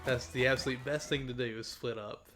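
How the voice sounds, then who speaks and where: A man's voice: mid-range voice, steady tone, brisk, music in the background. A man from the Southern United States chatting casually on a gaming livestream, rambling, answering chat and laughing often.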